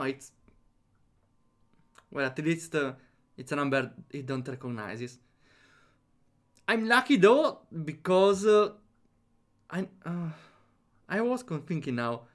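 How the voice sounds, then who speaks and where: A man's voice: on the high side, a bit bright. A man streaming a visual novel, reading it aloud, chatting with viewers and laughing often.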